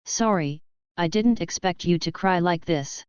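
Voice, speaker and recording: A woman's voice: fairly low pitch, a little slow, clean tone, no room sound, close to an everyday voice. A woman reading the part of a shy, flustered young woman student who talks hesitantly and apologetically. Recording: dull lo-fi, dry.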